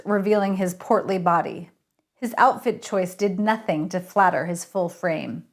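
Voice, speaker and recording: A woman, an author, reading her novel aloud in an expressive, lively way. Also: mid-range voice, measured pace.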